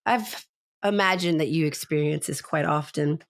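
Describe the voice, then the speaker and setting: A woman's voice: deep voice, moderate pace, dry recording, studio quality. A woman co-hosting a comedy podcast, setting up scenarios with playful banter and mock voices. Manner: playful, sets up scenarios, slips into a mock Australian voice for bits. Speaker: podcast co-host. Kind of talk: casual comedic chat.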